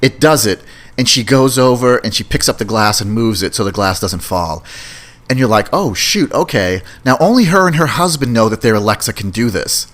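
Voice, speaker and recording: A man's voice: mid-range voice, expressive, brisk, a bit bright. A man hosting a podcast, chatting casually about movies in a rambling way and often repeating words. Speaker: podcast host. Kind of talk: casual movie review chat.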